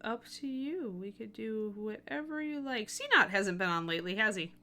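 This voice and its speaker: A woman's voice: fairly high pitch, expressive, moderate pace, bright, forceful tone. A woman hosting a live miniature painting stream, talking casually and thinking aloud with plenty of fillers.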